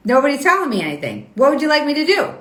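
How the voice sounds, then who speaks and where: Host type: bright, rather high woman, riled up, defending herself to viewers in an echoey room. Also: huge pitch swings, very fast. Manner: indignant, argumentative, repeats herself. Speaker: host of a weekly live show. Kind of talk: Instagram live stream, reading and answering comments.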